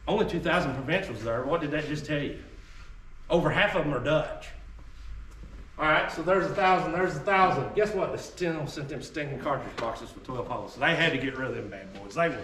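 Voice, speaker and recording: A man's slightly high, fairly bright voice moves a little fast as he gives a group an informal history talk in reenactor mode. He's folksy, emphatic and conversational, with drawling asides, and the recording is echoey, distant and carries a little hiss or hum.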